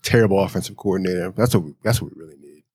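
A man from Virginia, a magazine editor guest, telling stories in a relaxed, animated way and laughing often. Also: low voice, rapid-fire, slightly rough, no echo, studio quality. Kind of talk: casual storytelling in an interview.

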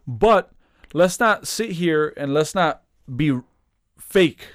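A man's voice: a little high, lively intonation, slow, no room sound, clean studio sound. A man co-hosting a podcast in casual chat, retelling a story with lots of restarts, fillers and profane slang. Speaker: podcast co-host.

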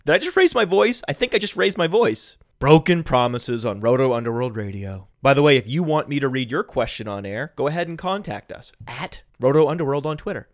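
A man hosting a sports podcast alone, sarcastic and mock-calm, who keeps bursting into shouts. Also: medium pitch, fairly quick, hardly any pauses, no room sound, clean studio sound. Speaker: fantasy football podcast host. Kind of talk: sarcastic solo podcast rant. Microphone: studio microphone.

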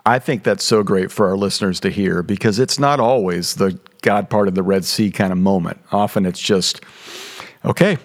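A man with a Southern drawl hosts a conversational interview. His voice is on the low side, and he warmly affirms his guest before asking his questions. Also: steady tone, moderate pace, hardly any pauses. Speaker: podcast host.

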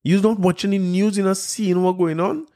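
A man's voice: high-pitched, steady tone, normal speed, warm tone. A man, mocking a news article he reads aloud, incredulous and laughing at it. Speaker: commentator reacting to a news article. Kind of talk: mocking commentary on a news story.

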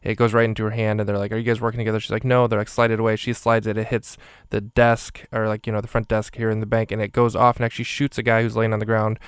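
A man's voice: on the low side, monotone, quick pace, hardly any pauses, clear, resonant tone, dry recording, studio quality. A man casually recapping a movie minute by minute and rating each one, in a rambling way with many fillers. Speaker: movie reviewer.

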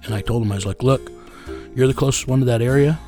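A man's voice: medium pitch, quick pace, dark tone, soft background music. Blunt, profane man telling a story. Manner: blunt and profane, many fillers. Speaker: child recovery investigator. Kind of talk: storytelling in an interview.

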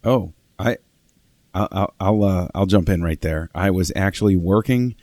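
A man talking as a podcast guest in casual chat, telling stories with bursts of excitement. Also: low voice, normal speed, no echo. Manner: excitable storyteller, acts out his own past excitement.

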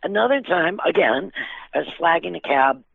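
An older woman telling lively stories as an interview guest, laughing often and using many fillers. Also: fairly low pitch, normal speed, vocal fry, dry recording. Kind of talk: casual storytelling. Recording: dry tinny phone line.

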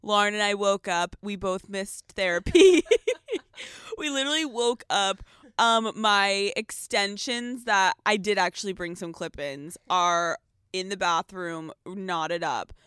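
Excitable, foul-mouthed young woman host. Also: medium pitch, measured pace, smooth, dry recording, studio quality. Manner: excitable, profane, laughs often. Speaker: podcast host. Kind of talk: casual vlog-style podcast chat. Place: hotel room.

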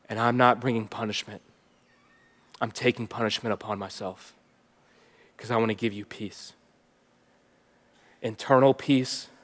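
Man preaching in a long-echo hall. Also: mid-range voice. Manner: swings from soft and hushed to loud and emphatic. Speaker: pastor teaching. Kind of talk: sermon. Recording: long reverb of a large hall.

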